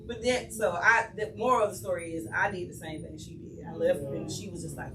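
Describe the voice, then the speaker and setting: A woman on a panel telling a family story in a playful, animated way, acting out the quotes. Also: lowish voice, fairly quick, hardly any pauses. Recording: echoey room from far off, noisy.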